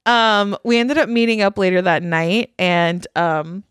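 A woman's voice: medium pitch, measured pace, fairly bright tone, clear, resonant tone, no echo, clean studio sound. A young woman co-hosting a podcast, telling a story casually and bluntly, swearing a lot and often laughing. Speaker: podcast co-host. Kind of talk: casual chat.

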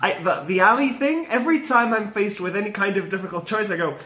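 A podcast co-host in a casual chat, retelling scenes with animated energy and acting out quoted lines with shifts in pitch. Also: fast.

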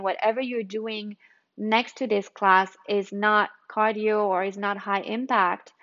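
A woman with a mid-range voice, recorded with the highs cut off, hosts a casual health talk podcast as a monologue. She's chatty and digressive, wandering onto tangents before restating her point.

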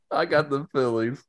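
Jokey man in casual banter. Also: fairly high pitch. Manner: jokey, laughs often. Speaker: podcast co-host. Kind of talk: casual chat.

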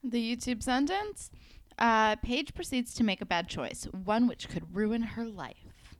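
Deadpan young woman podcast co-host. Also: a little high, a little slow, no room sound. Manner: dry, deadpan quips. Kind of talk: casual chat.

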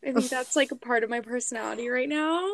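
Squeaky, expressive young woman. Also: quick pace, creaky, no echo. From Midwest US. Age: 20s. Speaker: podcast co-host. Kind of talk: casual chat.

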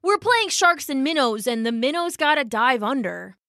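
A woman voicing Liam, a cocky, joking young boy who talks in a slow, drawling, self-assured way in a children's audio story. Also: sits high, sing-song, fairly bright tone, no echo, studio quality, pitched above the performer's own voice, heavily acted.

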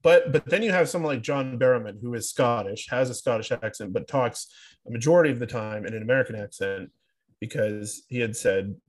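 A man's voice: mid-range voice, fairly quick. A young man co-hosting a podcast in casual chat, rambling and loose. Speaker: podcast co-host.

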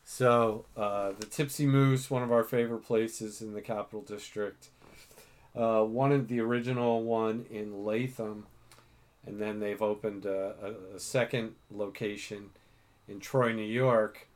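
A man's voice: fairly low pitch, fairly even intonation, measured pace. A middle-aged man hosting a casual chat with his daughter, self-mocking and full of fillers. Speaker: podcast host.

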